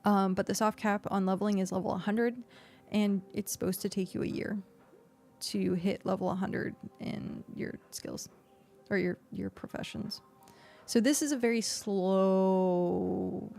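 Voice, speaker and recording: A woman's voice: mid-range voice, fairly even intonation, a little slow, creaky, a little mellow. A woman streamer chatting casually as she plays and explains a game, with lots of fillers, into a desk microphone. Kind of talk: casual gameplay commentary. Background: faint background music.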